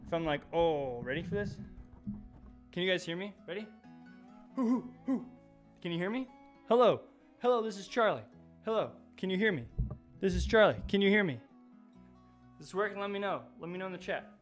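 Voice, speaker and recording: Chatty out of breath guy streaming to his chat, highish voice, bit of music in the back. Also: expressive, brisk, long pauses. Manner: upbeat, chatty, addresses viewers directly. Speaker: host of an educational live stream. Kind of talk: energetic live-stream talk to chat.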